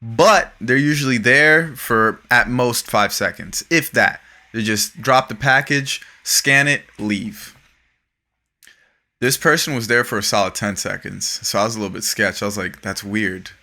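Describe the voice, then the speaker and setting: A man hosting a podcast, telling an animated, profane story in casual chat. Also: medium pitch, unhurried. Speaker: podcast host.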